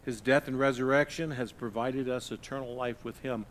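A middle-aged male pastor preaching a sermon, swinging from loud emphasis to hushed, low passages. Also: steady tone, moderate pace, a little hiss or hum.

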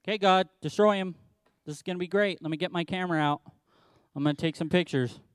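A man's voice: high-pitched, quick pace, clean tone, no room sound, close to an everyday voice. A man voicing a sulky, theatrical male prophet who complains in a whiny, exasperated way. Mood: gloating.

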